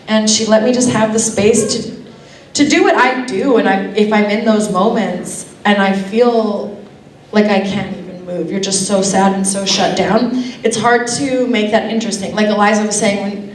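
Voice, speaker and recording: A woman's voice: mid-range voice, normal speed, recorded from a distance, slight background noise. Chatty woman in an echoey hall. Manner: chatty, laughs often, lively asides. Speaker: actor guest on a fan convention panel. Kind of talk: casual panel chat. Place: convention hall. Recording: echoey hall, picked up from afar.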